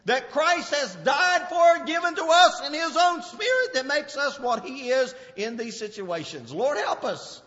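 A male preacher giving an impassioned sermon, swinging from loud outbursts to low murmurs. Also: big pitch swings, a little slow, few pauses. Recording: dull lo-fi recording with long hall reverb.

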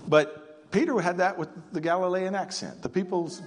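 A man's voice: sits high, steady tone, moderate pace, faint music behind. Man preaching a story-driven sermon. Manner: storytelling, vivid retelling with repetitions.

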